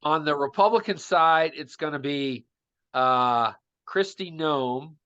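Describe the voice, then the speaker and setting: A man co-hosting a casual political chat, his voice bright and forceful. He talks with confidence and throws out bold predictions. The sound is dull and lo-fi. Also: a little high, slow pace, clear, resonant tone. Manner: opinionated, makes bold predictions. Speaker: podcast co-host.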